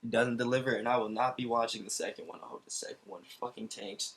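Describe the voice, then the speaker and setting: A man's voice: mid-range voice, fast talker, gravelly, low-quality recording. A man co-hosting a casual podcast chat, ranting and swearing in exasperation. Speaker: podcast co-host.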